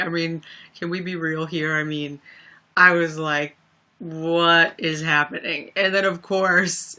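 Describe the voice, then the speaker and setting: Bright-voiced chatty young woman livestreaming. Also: lowish voice. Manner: chatty storyteller, many fillers, laughs often. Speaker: livestream host. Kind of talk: casual livestream chat. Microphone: webcam or phone mic.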